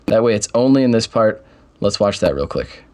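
A young man casually walking through software steps in a screen-recorded tutorial, with keyboard typing behind him. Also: on the low side, big pitch swings, normal speed. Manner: step-by-step, casual explaining. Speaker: tutorial host.

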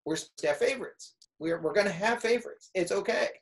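A middle-aged music teacher gives students casual advice, telling it like a lively story and often acting out what kids say. His voice is high-pitched and he talks fast, but the audio is poor.

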